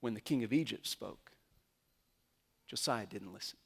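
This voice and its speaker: A man preaching a sermon as pastor, retelling a story and acting out the characters' lines in quick quotes. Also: on the low side, creaky, breathy edge.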